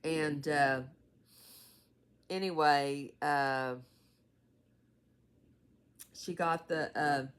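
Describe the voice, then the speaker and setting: Low, slow-talking woman in her sixties. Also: steady tone, smooth. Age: 60s. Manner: rambling, many fillers and trailing asides. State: tired, yawning. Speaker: caregiver for her mother. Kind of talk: casual vlog update.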